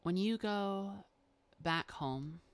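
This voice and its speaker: A woman narrating a tabletop role-playing game as game master, in a relaxed, unhurried way. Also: mid-range voice. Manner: relaxed, unhurried, frequent uh fillers.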